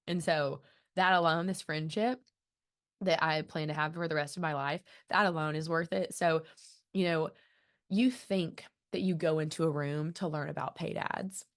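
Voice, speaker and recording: A woman's voice: low voice, fairly even intonation, moderate pace. A woman in her thirties hosting a podcast, talking in an enthusiastic, earnest, chatty way. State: emotional, close to tears. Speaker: podcast host. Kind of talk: casual podcast monologue.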